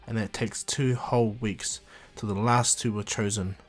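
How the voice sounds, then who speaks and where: A man narrates a homemade anime crossover story in a loose, rambling way, often correcting himself mid-line. His voice sits on the low side, with faint music under it. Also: fairly even intonation, normal speed. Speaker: fan storyteller. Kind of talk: casual fan-fiction retelling.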